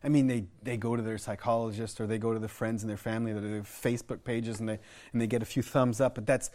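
A man's voice: lowish voice, little pitch movement, fast talker, a little mellow. A middle-aged American man preaching a sermon, telling personal stories in an earnest way, often restarting and repeating words. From United States. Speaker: pastor.

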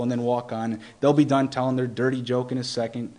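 A young man giving an informal Bible teaching, earnest and conversational, often restarting phrases and slowing down to stress scripture. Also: mid-range voice, a little mellow. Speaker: preacher.

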